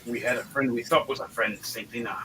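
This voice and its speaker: A man voicing a gruff older male dwarf lord who smokes a pipe, talking bluntly and slowly. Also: mid-range voice, sharp tone, soft background music, natural voice, low-quality recording. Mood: grave.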